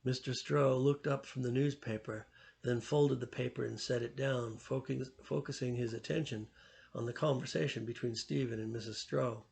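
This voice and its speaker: Gravelly guy reading a storybook aloud, steady and even, middle pitch. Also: moderate pace.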